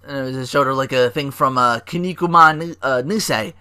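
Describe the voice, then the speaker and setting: A man hosting a casual solo podcast, rambling excitedly with swearing and fillers. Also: medium pitch, fairly quick, clean tone. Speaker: podcast host.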